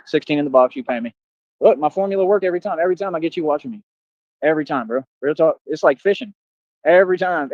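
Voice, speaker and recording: A man's voice: on the high side, dry recording, muffled recording. A man hosting a livestream, ranting at his critics in confrontational street slang. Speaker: livestream host. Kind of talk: livestream rant.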